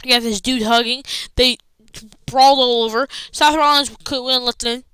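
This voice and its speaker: A woman's voice: a little high, fairly even intonation, normal speed, bright, forceful tone, clean tone, dry recording, low-quality recording. A tired woman hosting a casual wrestling review, rambling and losing her train of thought.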